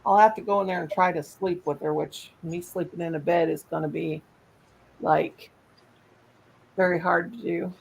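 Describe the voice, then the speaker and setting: A woman's voice: fairly low pitch, steady tone, moderate pace, creaky, husky, low-quality recording. A woman hosting a casual live stream, rambling and trailing off mid-sentence.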